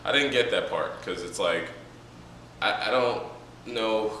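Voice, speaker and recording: A man's voice: lowish voice, a little slow, pushed and bright, recorded from a distance, slight background noise. A man reviewing a manga chapter in a casual, rambling, joking way, with many fillers. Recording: echoey room, from the mic.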